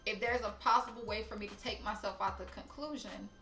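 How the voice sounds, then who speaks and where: A young woman telling a story to camera, blunt, profane and animated. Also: medium pitch, brisk, roomy sound. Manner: blunt, profane, animated, talks straight to viewers. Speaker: storytime vlogger.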